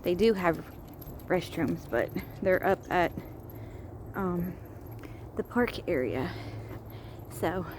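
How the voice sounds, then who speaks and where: A woman's voice: fairly low pitch, expressive, slow pace, long pauses, slight background noise. A woman chatting casually to her vlog audience on a park trail, a bit out of breath and exasperated. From US state of Georgia. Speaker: vlogger. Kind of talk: casual vlog talk to camera.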